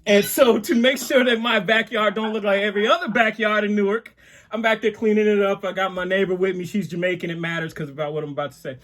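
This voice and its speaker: A man doing an animated stand-up set over a video call, laughing along with his own jokes. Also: sits high, quick pace. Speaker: stand-up comedian.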